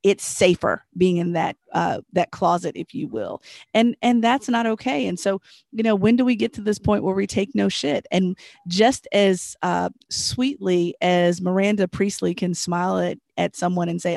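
A woman hosting a casual podcast conversation, animated and laughing often, with many "you know"s. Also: lowish voice, normal speed, vocal fry, no echo, clean studio sound.

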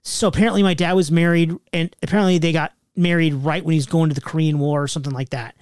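A man in his forties telling a family story in casual chat, swearing often and breaking into loud outbursts. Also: on the high side, fairly even intonation, fast talker, clear, resonant tone, no echo, clean studio sound.

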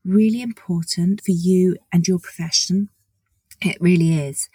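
A woman's voice: fairly low pitch, fairly even intonation, a little slow, mellow, breathy edge, no echo. A woman in her forties hosting a solo podcast introduction, chatty and enthusiastic, acting out little conversations. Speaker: podcast host.

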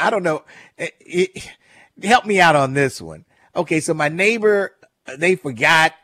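A fairly high-voiced man hosts a call-in radio show, chatting loosely and telling neighborhood stories with amused asides. His studio mic sounds dry and close. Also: a bit bright, dry recording. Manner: chatty storytelling, amused, repeats phone number. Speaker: radio talk show host. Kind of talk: casual call-in radio talk.

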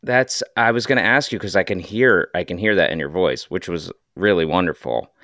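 A man's voice: sits low, fairly quick, pushed and bright, dry recording, clean studio sound. A man co-hosting a podcast, eagerly recapping scenes and asking the guest questions. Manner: enthusiastic recapping, asks questions. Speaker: co-host. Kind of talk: casual podcast chat.

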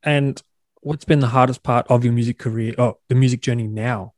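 A man's voice: medium pitch, fairly even intonation, a little fast, darkish tone, no echo, studio quality. Podcast host, man, asks brief questions at an easy pace, no room sound. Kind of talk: interview questions.

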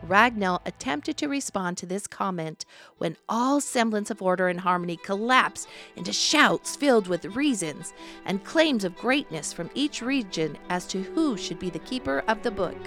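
A woman narrating a fantasy storybook in a measured, descriptive manner. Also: medium pitch, lively intonation, fairly bright tone, soft background music.

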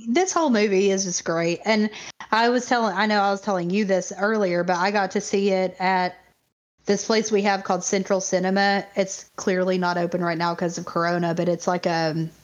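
Woman, podcast co-host, casual chat, excitable, ranting, mid pitch, muffled recording. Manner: excitable, ranting, quick to laugh.

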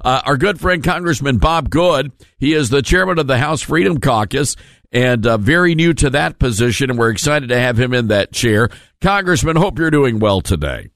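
A man's voice: medium pitch, expressive, normal speed, fairly bright tone, dry recording. A man hosting a conservative talk radio show from a studio, telling folksy joking stories with a froggy voice from the flu. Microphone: studio mic.

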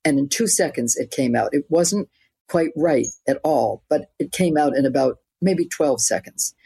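A woman's voice: low voice, lively intonation, moderate pace, vocal fry, mellow, slightly rough, dry recording. A woman in her eighties, an actress and author, chatting reflectively as an interview guest with light laughs mid-sentence. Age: 80s. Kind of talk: casual interview chat.

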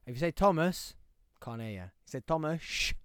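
A man's voice: mid-range voice, big pitch swings, brisk, a crowd in the background. A young man bantering and swearing through a casual watch-along chat with a friend, laughing a lot. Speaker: co-host. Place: small warm room.

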